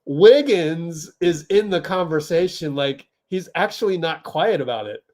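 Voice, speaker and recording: Slow-talking man hosting a stream. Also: on the high side, expressive, a little mellow. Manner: laughs often, talks to chat while typing. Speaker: watch party host. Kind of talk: casual livestream chat. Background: keyboard typing.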